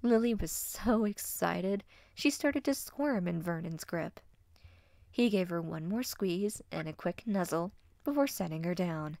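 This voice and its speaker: Gravelly woman reading a story. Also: fairly low pitch, a little slow, no echo, clean studio sound. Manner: steady, expressive narration. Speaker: fanfiction reader.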